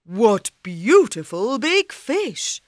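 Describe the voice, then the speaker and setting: A woman's voice: fairly high pitch, sing-song, extremely slow, no echo, studio quality, pitched above the performer's own voice, heavily acted. A woman voicing a kind, polite king in a storybook, formal and gracious. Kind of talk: storybook reading.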